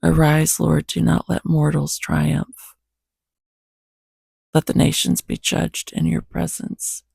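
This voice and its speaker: A man with a hoarse morning voice, reading Bible verses, reflecting on them and praying in an earnest, unhurried way at home. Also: on the high side, completely flat delivery, a little mellow, no echo. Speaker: host reading scripture to his cat.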